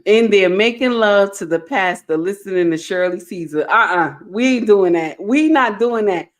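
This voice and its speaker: A middle-aged woman hosting a live stream, reading viewer comments aloud with animated, playful scolding. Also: mid-range voice, unhurried. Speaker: host.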